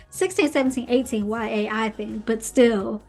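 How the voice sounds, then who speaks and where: Chatty woman with a fairly high voice. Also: moderate pace, a little mellow. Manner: chatty, opinionated, recaps plots with playful asides. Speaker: podcast host reviewing books. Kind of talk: casual commentary. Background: faint background music.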